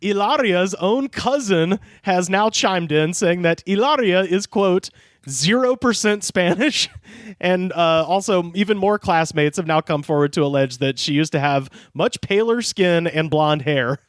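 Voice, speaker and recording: A man's voice: high voice, measured pace, clean tone, no echo, studio quality. A man co-hosting a comedy podcast, reading out celebrity news with laughing, profane asides. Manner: reads news quotes with laughing asides, swears freely. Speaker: podcast co-host. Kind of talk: casual comedic chat.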